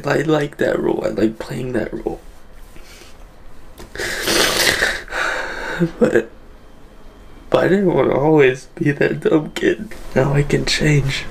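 A young man talking straight to his camera in a loose, rambling vlog, his voice roughened by a gravelly fry. He trips over his words and restarts sentences, and he pokes fun at himself as he goes. A faint hiss sits under the recording. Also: a little high. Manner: rambling, halting, with many restarts; self-deprecating. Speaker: vlogger. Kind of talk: casual talk to camera.

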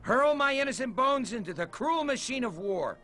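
A man's voice: very high-pitched, lively intonation, normal speed, music in the background. A man voicing a melodramatic foot soldier with an overwrought, theatrical delivery. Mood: devoted. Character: melodramatic male foot soldier, gloomy then zealous. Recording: game audio over soundtrack.

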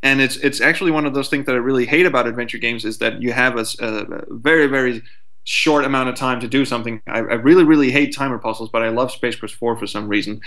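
A man of middling pitch talks as a podcast guest, lively and quick to swear. He acts out a frustrated player's thoughts as he explains things. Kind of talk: casual podcast chat.

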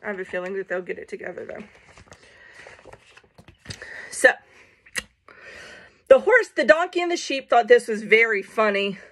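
Playful high-voiced woman reading aloud. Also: sing-song, normal speed, long pauses. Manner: playful, chatty asides to viewers. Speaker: storybook reader for children. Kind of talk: reading a picture book aloud.

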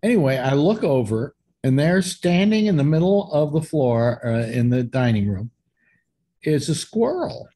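Animated husky-voiced man telling stories. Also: on the high side, measured pace. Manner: animated storyteller, shouts quoted lines. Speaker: host. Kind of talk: casual storytelling chat.

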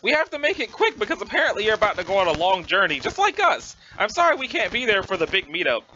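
A man's voice: high-pitched, very animated, quick pace, pushed and bright, lo-fi sound, heavily acted. A man voicing a cheerful, goofy teenage boy reading out his own friendly, upbeat letter.

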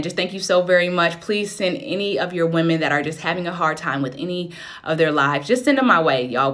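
A woman's voice: sits low, fairly bright tone. A woman in her thirties hosting a live stream as a self-love coach, preaching, encouraging and greeting viewers by name. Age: 30s.

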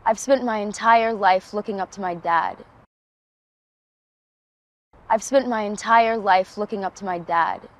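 A woman's voice: mid-range voice, normal speed, lightly acted, rough recording. An actress playing a troubled teenage girl in a TV series, earnest and brooding. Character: troubled teenage girl doubting her parents. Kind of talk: TV series dialogue.

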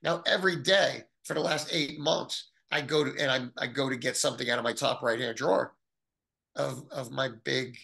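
Middle-aged man, gravelly and bright, animated storyteller who voices the people in his tale. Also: moderate pace. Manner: animated, acts out quoted voices with big pitch jumps. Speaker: guest telling his story. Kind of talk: storytelling in an interview.

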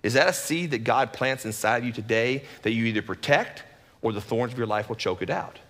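A man, a lead pastor, giving a conversational sermon in an animated, folksy way with joking asides. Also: medium pitch, a little fast, in a large hall.

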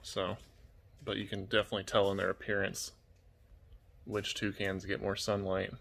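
A man talks softly to his pet birds and his viewers at home, in a relaxed and gentle way. His voice sits a little low but comes out bright and forceful. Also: normal speed, creaky. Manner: gentle, soft-spoken, cooing to birds. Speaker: vlogger, toucan keeper. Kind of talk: casual vlog talk to pets and viewers.

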